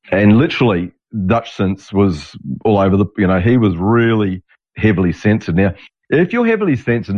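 A man in his sixties hosting his own show in a rambling, digressive monologue, restarting sentences and swearing now and then. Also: on the low side. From Australia. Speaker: podcast host. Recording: dull lo-fi audio.

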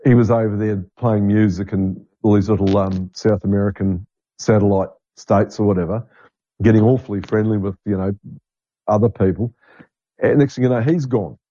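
A man's voice: on the low side, fairly even intonation, moderate pace, mellow, dull audio. A New man in casual, opinionated chat, rambling with many fillers and restarts.

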